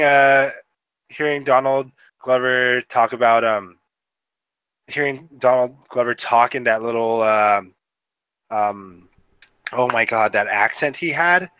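A man's voice: mid-range voice, a bit bright, clean tone, no room sound, poor audio. A man co-hosting a casual movie review podcast, rambling with lots of fillers and laughter. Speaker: podcast co-host.

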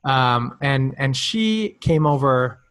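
A man's voice: animated, takes it slowly, fairly bright tone. Joking man from North Dakota. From North Dakota, USA. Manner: jokey storyteller, pitch jumps when telling anecdotes. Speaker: podcast guest, campus ministry director. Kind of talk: casual podcast chat.

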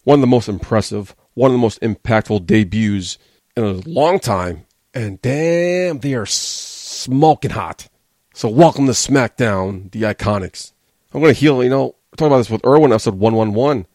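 A man's voice: fairly low pitch, a little fast, darkish tone, no room sound, clean studio sound. A man hosting a wrestling podcast, giving a blunt, sarcastic, casual review and swearing freely.

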